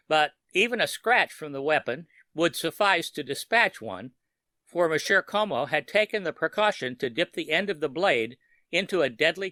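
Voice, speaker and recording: A man narrating a scripted horror story for sleep in a steady, measured way. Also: fairly high pitch, no echo.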